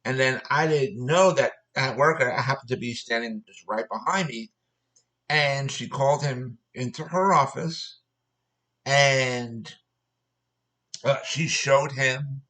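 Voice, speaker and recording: A man's voice: medium pitch, pushed and bright, poor audio. A man telling a personal story as an angry, profane rant, repeating himself.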